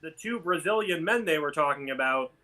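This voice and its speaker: Man, casual chat, long rambling jokes, high bright voice. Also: expressive, a little fast. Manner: rambling storyteller, many fillers. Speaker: podcast co-host.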